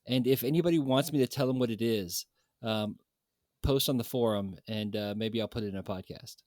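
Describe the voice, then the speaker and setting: A man's voice: medium pitch, fairly quick, a little mellow, dry recording, studio quality. A man co-hosting a casual podcast, joking around and rambling with plenty of fillers. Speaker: podcast co-host.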